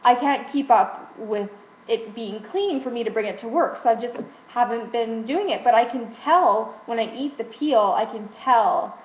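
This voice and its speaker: A woman's voice: on the high side, moderate pace. A young adult woman speaking frankly about her frustrations in a personal vlog, emotional and swearing freely. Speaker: vlogger. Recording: roomy, dull lo-fi sound with faint hiss.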